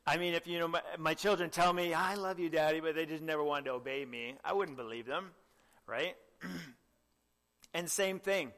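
A young man preaching a sermon with earnest exhortation, often asking the listeners direct questions and clearing his throat. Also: fairly high pitch, normal speed, a bit bright, big-room sound.

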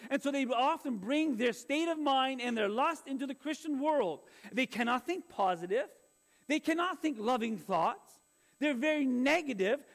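A middle-aged male pastor preaching a sermon in an earnest, confessional way, often restarting his phrases. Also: very high voice.

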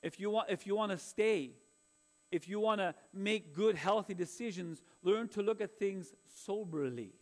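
A pastor in his forties delivers a sermon, speaking in a noticeably high voice. His manner is earnest and conversational, and he weaves personal stories in among his exhortations. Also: normal speed.

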